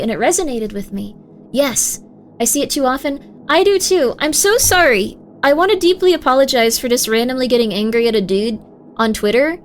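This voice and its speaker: Young woman, high voice, chatty live stream, excited shouts, faint music behind. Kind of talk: casual live-stream chat.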